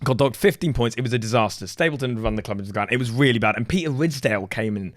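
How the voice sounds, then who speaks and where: A man's voice: medium pitch, expressive, rapid-fire, no echo, clean studio sound. A man in his twenties, co-hosting a podcast, telling rambling, self-mocking stories in a casual chat. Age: 20s. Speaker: podcast co-host.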